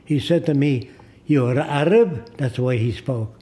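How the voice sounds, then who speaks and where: With a mellow, medium-pitched voice, a man in his nineties from the United States guests on a studio interview. He tells his stories deliberately, acting out each of the people in them.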